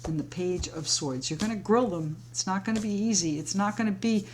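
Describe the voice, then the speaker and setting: With sage burning close by in her home, a tarot reader talks warmly and fluidly to her viewers like friends, reassuring them. She has a mid-range voice, speaks a little fast, and there's a slight hiss or hum in the audio.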